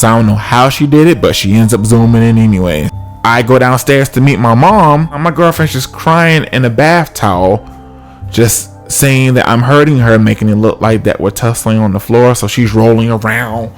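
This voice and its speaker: A man casually telling a comic personal story, acting out the other people's voices. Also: mid-range voice.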